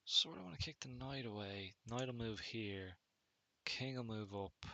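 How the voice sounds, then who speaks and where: A man casually commentating on his own chess game, thinking aloud in a relaxed, musing way. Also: mid-range voice, measured pace, creaky, dry recording. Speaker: chess streamer.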